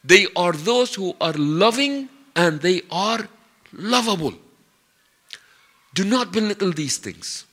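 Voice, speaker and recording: A man preaching a sermon with animated storytelling, stretching out key words for emphasis and sprinkling in Arabic religious phrases. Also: a little high.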